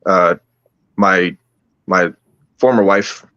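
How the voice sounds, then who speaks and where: A man telling a personal story at a slow, halting pace, with many restarts. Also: low voice, steady tone, bright, forceful tone, no room sound, dull audio. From United States. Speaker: podcast guest. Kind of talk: casual storytelling.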